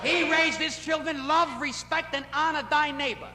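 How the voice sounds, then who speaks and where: A man doing a stand-up routine at a nightclub, telling punchy stories in a voice that jumps in pitch and loudness. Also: fairly even intonation, moderate pace. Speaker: stand-up comedian. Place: nightclub stage. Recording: echoey club, scratchy 1960s film audio. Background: audience laughter.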